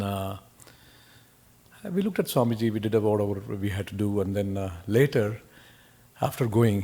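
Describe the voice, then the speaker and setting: A middle-aged man giving a halting personal remembrance speech at a memorial gathering, with many pauses and fillers. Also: fairly low pitch, darkish tone. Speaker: devotee speaking at a memorial.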